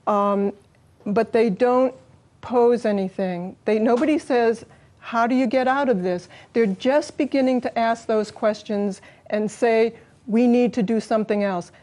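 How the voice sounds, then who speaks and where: Woman, radio interview guest, earnest, explanatory, warm tone. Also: on the high side.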